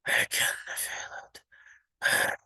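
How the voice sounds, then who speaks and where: A man voicing a maddened, zealous old grandfather in a slow, hissing whisper, as whispered role-play while reading a game aloud. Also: sharp tone, low-quality recording. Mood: fervent whisper.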